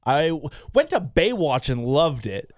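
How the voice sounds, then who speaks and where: A man's voice: fairly high pitch, sing-song, a little slow, no echo, clean studio sound. A man co-hosting a casual wrestling podcast, earnest, repeating words as he gets going. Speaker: podcast co-host.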